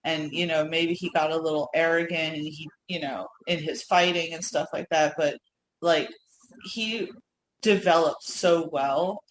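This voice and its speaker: This woman's voice is low-pitched, with slight background noise in an echoey room and faint ambience. As a podcast co-host, she chats casually and eagerly about TV, using lots of fillers.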